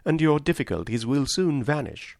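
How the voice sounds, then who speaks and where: Man doing a calm sensible young lady, a bit teasing, lively lilt, dry sound. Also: medium pitch, vocal fry, no echo, pitched above the performer's own voice. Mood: wry. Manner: measured, gently teasing. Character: sensible composed young woman, gently wry. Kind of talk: audiobook reading of a classic novel.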